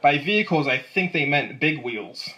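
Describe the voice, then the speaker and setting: A man in his twenties, an amateur comedian, does a live stand-up set of dry one-liners and chuckles at his own jokes while the audience laughs. His voice sits on the high side and is bright, expressive and forceful, at a moderate pace.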